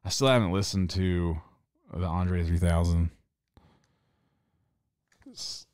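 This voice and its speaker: A man's voice: deep voice, steady tone, takes it slowly, a little mellow, clear, resonant tone, no echo, studio quality. A young man hosting a podcast, talking in a loose, rambling, profane way with frequent laughter. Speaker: podcast host. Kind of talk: casual chat.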